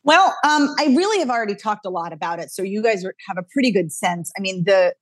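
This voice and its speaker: A woman, a dialect coach talking energetically as a guest, thinking out loud with quick restarts. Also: medium pitch, expressive, dry recording, clean studio sound. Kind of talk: casual interview chat.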